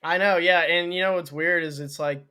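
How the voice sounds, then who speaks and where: Teasing man with a slightly high voice. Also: steady tone, normal speed, bright, forceful tone, clear, resonant tone. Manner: teasing, dry, laughs often. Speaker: podcast co-host. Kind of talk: casual chat.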